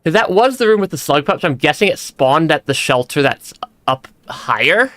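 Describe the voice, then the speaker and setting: A man's voice: fairly high pitch, very animated, moderate pace, fairly bright tone, no room sound. A young man giving casual let's-play commentary, stammering and restarting often and laughing between remarks. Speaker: streamer.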